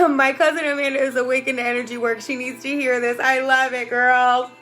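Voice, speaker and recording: Soft music plays behind a woman life coach whose high, slightly bright voice comes out a little fast and flat. Talking casually on her motivational livestream, she rambles emphatically, calls out viewers by name, and leans on "right?" and "you know."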